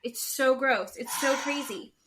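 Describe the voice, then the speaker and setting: A woman's voice: sits high, a little slow, noisy background. A woman co-hosting a podcast, recapping a reality show in casual chat and bluntly judging the people in it. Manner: blunt, gossipy, animated retelling with quoted voices. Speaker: podcast co-host.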